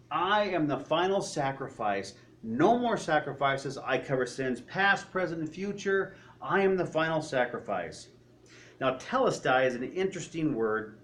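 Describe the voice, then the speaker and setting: Preacher, male, slightly higher pitch, storytelling sermon with rhetorical questions. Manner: drops to a quiet, low voice for solemn moments.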